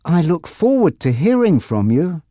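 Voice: mid-range voice, very animated, normal speed, mellow, no echo, studio quality, pitched above the performer's own voice, close to an everyday voice. A narrator voicing a shy, smitten teenage girl in a storybook reading. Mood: eager.

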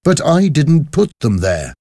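A man's voice: fairly high pitch, huge pitch swings, unhurried, mellow, no echo, studio quality, voice pushed up, full character voice. A man voicing a frightened young male aristocrat who pleads his innocence in a storybook reading. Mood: pleading. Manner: anxious, protesting.

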